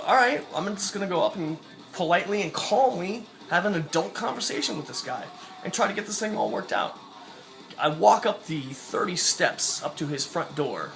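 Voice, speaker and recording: A man tells a story in an animated vlog style and swears freely along the way. His voice is gravelly and sits a little high. Faint guitar music plays underneath. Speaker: vlogger and mail carrier.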